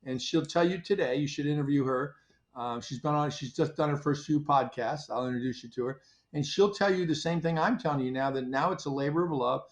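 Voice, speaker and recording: An older man, a company founder, telling stories in a relaxed interview and acting out his own past conversations. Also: on the high side, fairly quick, lo-fi sound. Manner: animated storyteller, acts out his own past dialogue. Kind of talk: casual interview storytelling.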